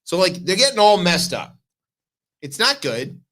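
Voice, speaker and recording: Casting note: male radio co-host, bright, higher-set voice, lively storyteller. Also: poor audio. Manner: animated storytelling, quick asides. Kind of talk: casual comedic news chat.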